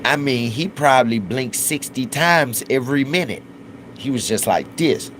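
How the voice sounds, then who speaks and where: A man's voice: medium pitch, expressive, a bit bright, a little hiss or hum, rough recording. A man giving casual live commentary, drawling and acting out other people's words in raised voices. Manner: slow, drawling, acts out quotes in raised voices. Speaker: livestream commentator.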